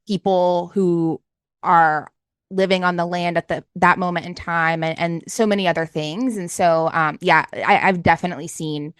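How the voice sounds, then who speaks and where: A woman's voice: fairly low pitch, steady tone, normal speed, clean tone, dry recording, clean studio sound. A woman with an Appalachian accent hosting a casual podcast interview, talking things through thoughtfully. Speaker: podcast host.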